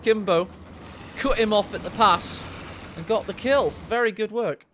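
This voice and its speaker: A man doing live game commentary, excitable and cheeky, teasing his co-caster. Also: sits high, measured pace, a little hiss or hum. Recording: loud game battle sounds behind.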